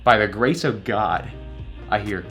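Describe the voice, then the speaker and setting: A man's voice: lowish voice, unhurried, fairly bright tone, soft background music. A young man vlogging, casually telling a story and acting out both sides of the conversations.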